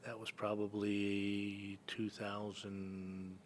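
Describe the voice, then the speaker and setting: Speaking very slowly in a lowish monotone, a Northern California man tells rambling stories as a podcast guest, over slight background noise. He's an entrepreneur and hunting guide, and his casual storytelling is full of fillers and restarts.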